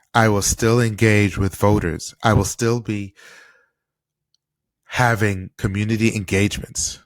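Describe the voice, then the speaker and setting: A man's voice: on the low side, dry recording. A man hosting a political podcast, delivering an impassioned commentary monologue full of rhetorical questions. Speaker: podcast host.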